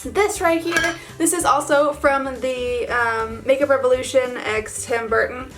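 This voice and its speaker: A woman's voice: high-pitched, steady tone, measured pace, a bit bright, soft background music. Chatty, gushing woman beauty vlogger. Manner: chatty and gushing, lots of "like" and laughs. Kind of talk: casual makeup tutorial chat.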